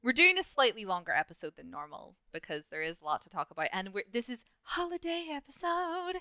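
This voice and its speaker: A woman hosts a casual gaming chat with a bright, forceful, crisp voice. She rambles, mocks herself and keeps laughing off her slips. The sound is dry and a little dull. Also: a little high, very animated, no echo. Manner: rambling, self-mocking, quick to laugh. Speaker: podcast host.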